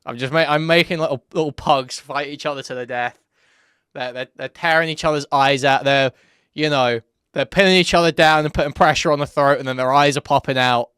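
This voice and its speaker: A man's voice: a little high, fairly even intonation, brisk, a bit bright, clean tone, no room sound, studio quality. A man hosting a live-stream commentary, sarcastic and rambling with lots of fillers.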